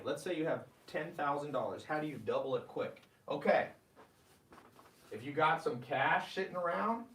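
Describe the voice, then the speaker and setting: A man's voice: fairly high pitch, reverberant, distant mic. A man hosting a live-streamed money advice talk. He talks with energy and reads viewer comments aloud. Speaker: host.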